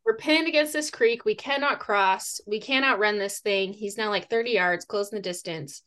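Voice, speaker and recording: Woman, animated storyteller, casual podcast guest, laughing, mid-pitched voice. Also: normal speed. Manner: animated, laughing, lively retelling with acted-out quotes. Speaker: podcast guest, fitness coach and moose hunter.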